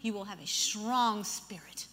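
A woman's voice: medium pitch, a little slow, pushed and bright. A woman preaching a sermon in a church, emphatic, leading the congregation in repeating scripture aloud. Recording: long hall reverb.

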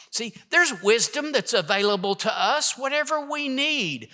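A man's voice: high-pitched, expressive, moderate pace, hardly any pauses, bright, forceful tone, big-room sound. A pastor in his sixties preaching an emphatic sermon and leading the congregation in reciting verses. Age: 60s. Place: church hall with congregation.

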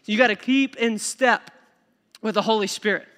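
Bright-voiced preacher in an echoey hall. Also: male voice, high voice, normal speed. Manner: conversational, acts out voices, frequent "okay?". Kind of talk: sermon.

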